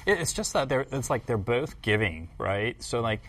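A man's voice: medium pitch, animated, moderate pace, a bit bright, dry recording. A man co-hosting a Bible study discussion, reflective, restarting his thoughts and checking in with "right?". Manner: reflective, many restarts and tag questions. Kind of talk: casual group discussion.

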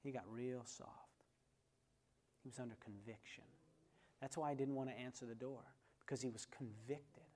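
A man's voice: mid-range voice, steady tone, brisk, mellow. Man teaching a conversational Bible lesson. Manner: storytelling, asks the class questions, calls on people by name.

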